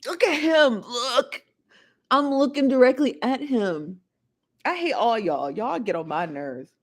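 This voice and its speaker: A woman's voice: on the high side, lively intonation, unhurried. Chatty gossiping woman livestream host. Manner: chatty, laughs often, talks straight to viewers. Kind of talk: casual celebrity gossip livestream.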